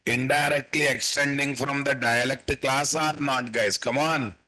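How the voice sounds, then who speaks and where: Slow, husky Indian English coding teacher. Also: male voice, mid-range voice, fairly even intonation, sharp tone, rough recording. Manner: repeats questions to the class and answers them himself; slowly dictates code while typing. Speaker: programming instructor. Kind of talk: live coding lecture.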